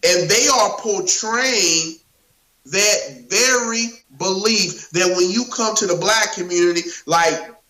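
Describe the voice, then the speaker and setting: A man co-hosting a casual political talk show, speaking emphatically and circling back over his words. His voice sits high and rings bright. The room around him is echoey. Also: slow. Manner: emphatic, repeats himself while hunting for words. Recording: roomy echo.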